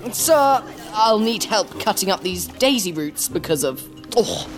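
A woman's voice: mid-range voice, very animated, unhurried, music in the background, pitched above the performer's own voice. A woman voicing a spoiled, scheming schoolboy who drawls and mocks. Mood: mocking. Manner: drawling, mocking.

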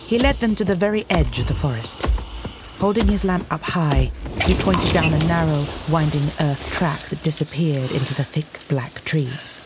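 A man narrating a children's storybook in a measured, expressive reading. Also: fairly high pitch, loud music behind the voice. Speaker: audiobook narrator.

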